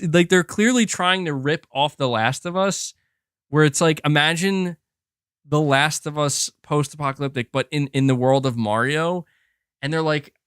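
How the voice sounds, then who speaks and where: A man's voice: fairly high pitch, clean tone, no echo, studio quality. A young man hosting a gaming podcast, casually rambling in reply to chat comments with many restarts and "bro". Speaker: podcast host reading chat.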